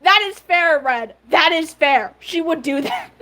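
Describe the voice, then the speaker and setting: A woman's voice: high voice, lively intonation, slow, sharp tone. A woman streamer chatting casually with her viewers, giggly and rambling, with frequent fillers. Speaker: livestream host. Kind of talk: casual livestream chat.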